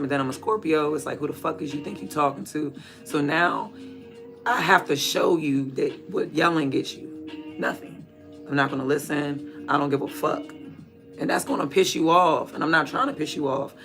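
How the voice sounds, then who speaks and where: A man's voice: on the high side, creaky, pushed and bright. A man chatting casually and candidly in a rambling, slangy way while watering plants. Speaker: vlogger.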